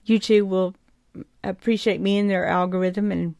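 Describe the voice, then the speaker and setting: An older woman from South Georgia chats to camera as a vlogger, rambling warmly in a Southern drawl and chuckling often. Her mid-range voice is creaky and a bit mellow, with fairly even intonation and a moderate pace, recorded at studio quality with no echo.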